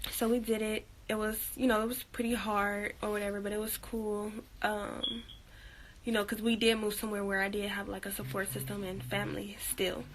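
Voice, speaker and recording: A woman's voice: medium pitch, little pitch movement, normal speed, a little hiss or hum, low-quality recording. A young woman vlogging at home in a casual chat, with lots of fillers and frequent laughs, talking while she works on a craft. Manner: chatty, laughs often, many fillers.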